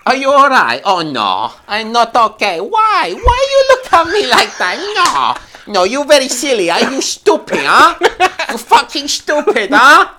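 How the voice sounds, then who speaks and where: A man doing a shrill, mocking caricature voice. It is sharp and bright, and its pitch leaps up and down. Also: huge pitch swings, measured pace, heavily acted.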